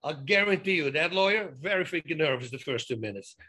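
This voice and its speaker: Bright-voiced man telling lively stories. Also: on the high side, fast talker, breathy edge. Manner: lively anecdotes with frequent restarts and emphatic asides. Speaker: guest, former fighter turned actor. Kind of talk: casual storytelling interview.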